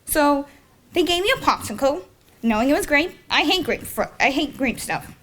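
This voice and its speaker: A young woman with a high voice tells a personal story to a live audience, rambling and correcting herself as she goes. She chuckles at her own tale. A faint hiss sits behind her voice. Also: expressive, normal speed, a bit bright. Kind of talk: personal story told on stage. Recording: faint noise, live event.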